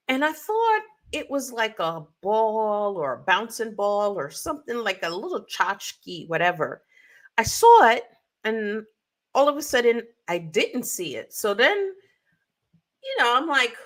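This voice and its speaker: A woman co-hosting a podcast, telling a story in an animated way and acting out sounds and quotes. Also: on the high side. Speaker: podcast co-host. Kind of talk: casual storytelling chat. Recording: live stream call audio.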